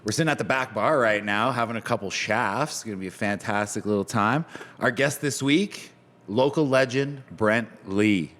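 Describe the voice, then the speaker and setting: A man's voice: on the low side, moderate pace, a bit bright, long reverb tail. A man hosting a casual podcast from the back bar of a pub, upbeat and welcoming. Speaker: podcast host.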